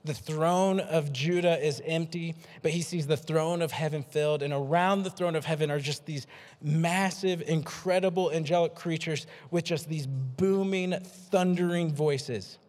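A man preaching a sermon as a pastor, energetic and self-deprecating, repeating words for emphasis. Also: a little high, a little slow. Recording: long hall reverb.

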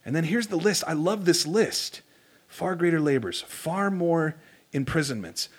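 A male pastor delivers a sermon in a lively, conversational style, slipping in humorous asides. His voice sits a little high for a man. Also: unhurried, breathy edge.

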